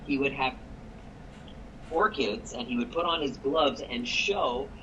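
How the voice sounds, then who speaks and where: Man, mid-pitched voice, energetic storytelling, quotes people, faint background hiss. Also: a little slow, highs cut off. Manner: energetic, quotes people in the story, repeats words when excited. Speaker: chiropractic coach and guest. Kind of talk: animated storytelling on a live call.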